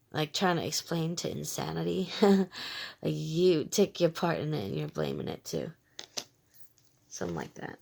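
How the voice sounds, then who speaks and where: A woman's voice: low voice, lively intonation, moderate pace, creaky, long pauses, a little mellow. A woman giving a casual tarot reading to her viewers, frank and emphatic, swearing freely and repeating short phrases as she talks. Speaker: tarot reader.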